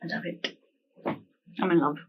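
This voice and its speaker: A woman vlogging a casual product review at home, gushing and excitable, with many "like" fillers and frequent giggles. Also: moderate pace, lo-fi sound. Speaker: beauty vlogger reviewing a wig.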